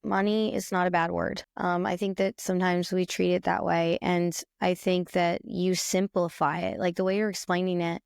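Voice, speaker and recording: Gravelly low-voiced woman host. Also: little pitch movement, normal speed, few pauses, darkish tone, no echo, clean studio sound. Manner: reflective, affirming. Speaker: podcast host. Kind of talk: casual podcast chat.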